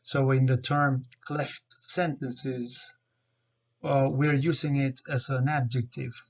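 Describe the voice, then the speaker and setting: A man talks through a grammar presentation at an unhurried pace, spelling out each step with care. His voice sits at an ordinary pitch. The recording sounds muffled and lo-fi. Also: little pitch movement, creaky. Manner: slow, careful, explanatory. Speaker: student presenter. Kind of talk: explaining grammar over slides. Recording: dull lo-fi recording.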